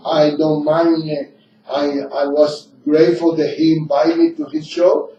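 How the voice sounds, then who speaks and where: A man's voice: fairly high pitch, level tone, a little slow, warm tone, echoey room. A man hosting a radio talk show in English, his second language, rambling and repeating himself as he shares his opinions. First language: not English. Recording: dull lo-fi room sound from a distant mic.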